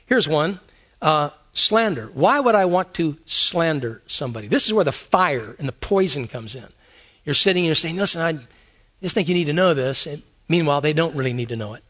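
Male pastor, conversational sermon delivery, high and highly animated voice. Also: moderate pace. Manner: conversational preaching with rhetorical questions.

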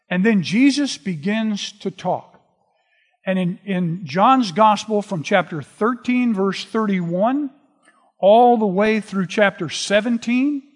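A man preaching a sermon, retelling scripture in a relaxed, conversational storytelling way. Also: high-pitched. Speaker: pastor. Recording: long reverb of a large hall.

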